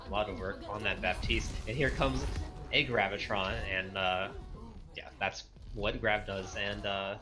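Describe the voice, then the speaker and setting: A man calling live esports play-by-play with quick bursts of excitement. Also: on the low side.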